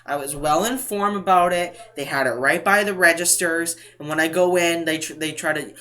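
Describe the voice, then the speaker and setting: Casual vlogger man with a bright, forward tone, chatty and digressive, often restarting his sentences. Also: fairly high pitch, moderate pace. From New England. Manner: rambling, self-interrupting, mimics other people. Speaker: couponing vlogger. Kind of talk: casual storytime.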